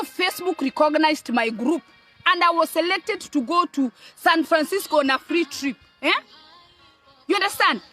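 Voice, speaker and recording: Scolding Kenyan woman, high bright voice. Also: lively intonation, moderate pace, faint music behind. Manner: scolding, emphatic, repeats words, asks "eh?". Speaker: online commentator. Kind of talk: ranting monologue to camera.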